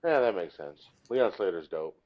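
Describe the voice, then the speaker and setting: Low-voiced guy cohosting a podcast, rambling and animated, pitch all over, kinda muffled sound. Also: normal speed, a loud crowd. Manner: animated, rambling, self-deprecating. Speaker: podcast co-host. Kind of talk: casual chat.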